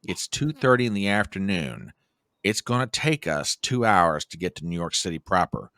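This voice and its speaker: A middle-aged American man guesting on a podcast tells a long, casual travel story, animatedly acting out the quotes. His voice is deep and his pace moderate, captured in studio quality with no echo.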